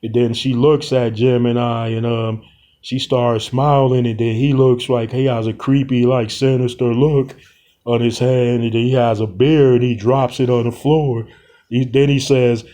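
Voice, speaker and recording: A man's voice: medium pitch, little pitch movement, warm tone. Rambling, slangy young man telling a story. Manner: rambling and slangy, many pauses. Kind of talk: casual retelling of a short film plot.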